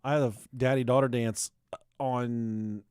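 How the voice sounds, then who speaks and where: A man, a young father, co-hosting a podcast, telling crude stories in a casual chat and jumping up high for quoted voices. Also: unhurried, clean tone, no room sound, clean studio sound. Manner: animated storyteller, shrieks high in acted quotes. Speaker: podcast co-host.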